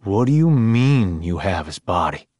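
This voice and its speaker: A man's voice: deep voice, sing-song, unhurried, darkish tone, no echo. A man doing a jumpy, shaken young soldier. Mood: tense. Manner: tense, incredulous.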